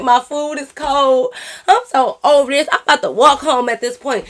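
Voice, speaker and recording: A young woman tells a storytime to her viewers, fired up and full of profanity. Her voice sits somewhat high and she keeps turning to her audience with asides. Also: moderate pace. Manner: animated, profane, talks straight to viewers. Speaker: YouTuber telling a story. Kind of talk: casual storytime.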